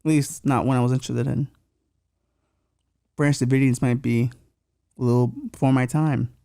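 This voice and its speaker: A man hosting a comedy podcast, delivering sarcastic, deadpan rants with crude jokes. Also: medium pitch, moderate pace, creaky, dry recording, studio quality. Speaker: podcast host. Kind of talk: comedic monologue.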